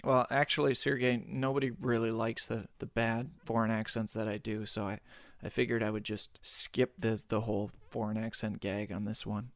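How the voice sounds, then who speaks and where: A man's voice: on the low side, level tone, normal speed, no room sound. A man hosting a podcast who talks in a friendly, earnest, thankful way. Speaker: podcast host. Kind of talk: casual podcast sign-off.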